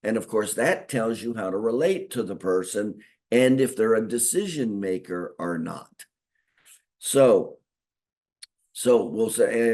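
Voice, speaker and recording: A man's voice: lowish voice, animated, slow, a little mellow. Folksy male chiropractic trainer. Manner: folksy, repeats himself, acts out patient talk. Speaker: chiropractic consultant teaching doctors. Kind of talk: spoken training lecture.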